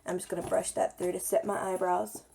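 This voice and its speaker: A young woman, slightly hoarse today, chatting casually through a makeup tutorial as she applies it. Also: on the low side, little pitch movement, a little fast, dark tone, a little hiss or hum. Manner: chatty, talks while applying makeup. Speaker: beauty vlogger.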